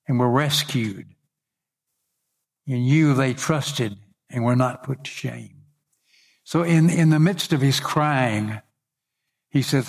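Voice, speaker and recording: Reading scripture during an earnest sermon, this middle-aged pastor lifts his voice whenever he reaches the quoted cries. His voice leans toward the high side.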